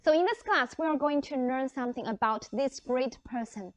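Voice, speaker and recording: A woman's voice: high voice, moderate pace. A woman English teacher leading a lesson, upbeat and encouraging as she asks the class questions. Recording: dry, dull lo-fi sound.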